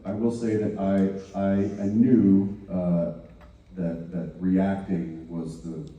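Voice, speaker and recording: A man telling stories on a convention stage in a halting way, with many restarts and a dry sense of humor. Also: low-pitched, mellow, recorded from a distance, a little hiss or hum. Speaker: convention panel guest. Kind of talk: casual storytelling on stage. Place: large convention hall, recorded from the audience. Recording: echoey hall audience recording from afar.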